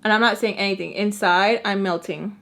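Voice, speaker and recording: A woman's voice: medium pitch, steady tone, fairly quick, gravelly, fairly bright tone. A young woman telling a storytime, chatty and sassy, acting out what people said. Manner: chatty, sassy, acts out quotes. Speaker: storytime vlogger. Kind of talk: casual storytime.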